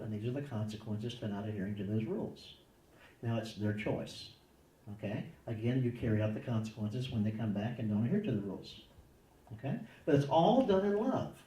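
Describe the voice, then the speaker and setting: A man's voice: medium pitch, dark tone, roomy sound, distant mic, poor audio. A man answering parenting questions in a conversational way, acting out little dialogues in changing voices. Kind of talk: conversational advice talk.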